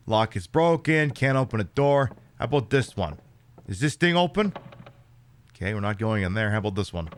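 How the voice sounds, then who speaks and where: A man's voice: mid-range voice, a bit bright, slight background noise. A man streaming a horror game, giving casual let's-play commentary with sarcastic jokes, rambling asides and casual swearing.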